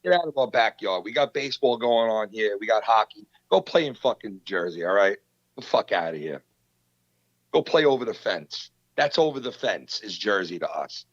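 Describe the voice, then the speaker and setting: A man, hosting a podcast and retelling a feud in a heated, profane, animated way. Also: fairly low pitch, fairly quick, few pauses, dry recording, dull audio. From New York. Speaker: podcast host. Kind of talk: casual podcast storytelling.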